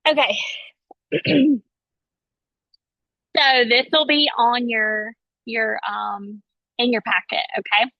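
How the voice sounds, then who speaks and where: A woman's voice: on the high side, steady tone, slow, pauses often, dry recording. A woman leading her sales team on a video call, chatty and enthusiastic as she coaches. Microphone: video call, webcam. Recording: dull lo-fi call audio, dry.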